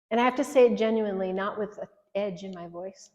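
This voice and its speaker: A woman's voice: fairly high pitch, steady tone, a little fast, hardly any pauses, darkish tone, highs cut off. A woman in her sixties giving an earnest marriage workshop talk, coaching and directly challenging her listeners. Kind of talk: workshop teaching. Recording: echoey hall reverb.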